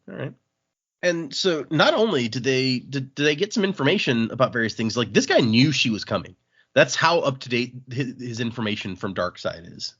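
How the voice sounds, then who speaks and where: A man's voice: mid-range voice, fairly bright tone, slightly rough. A man co-hosting a casual podcast, recapping a graphic novel and acting out characters' lines as he goes. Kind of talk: casual chat. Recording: dull lo-fi podcast audio.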